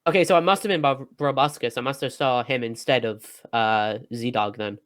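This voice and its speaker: A man's voice: mid-range voice, normal speed, a bit bright. A man in a gaming voice chat, hesitantly working through who he saw. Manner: hesitant, lots of ums while reasoning. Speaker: gamer in a group voice chat.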